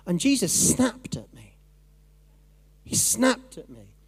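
Animated, conversational male preacher. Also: sits high, slow pace, slightly rough. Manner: animated, conversational, acts out inner voices. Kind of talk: sermon.

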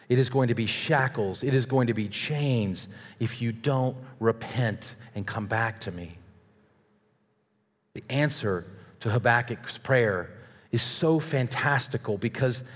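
A male preacher delivering an earnest sermon, reading scripture aloud and warning his listeners. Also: mid-range voice. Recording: long reverb of a large hall.

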